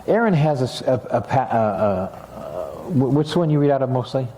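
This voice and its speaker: A man's voice: medium pitch, sing-song, fairly quick, warm tone, reverberant, a little hiss or hum. A middle-aged man, a pastor, preaching a sermon in a church sanctuary, talking casually and then rising into emphatic passages.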